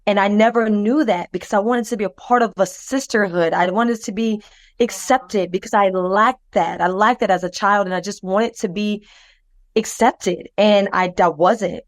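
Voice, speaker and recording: A woman co-hosting a podcast, telling a personal story with lively expression. She slips into other people's voices as she retells what they said, and her speech wanders with fillers and restarts. Her voice sits at a medium pitch and sounds dry and close, with no room around it. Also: moderate pace, no echo. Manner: loose, rambling delivery with many fillers and restarts. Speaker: podcast co-host.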